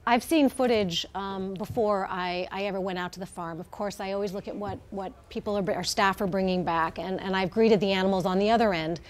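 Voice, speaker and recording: A woman's voice: medium pitch, fairly even intonation, a little fast, few pauses. A middle-aged woman, the head of an animal welfare group, speaking as a guest in a live TV interview in a heartfelt way, with many fillers and restarts.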